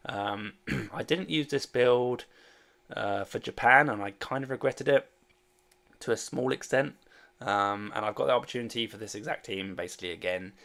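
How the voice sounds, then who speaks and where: A man's voice: medium pitch, normal speed, gravelly, fairly bright tone. A man casually chatting on a livestream, rambling and hesitant with many fillers as he answers viewer questions. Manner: reads and answers viewer chat. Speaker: fantasy sports streamer.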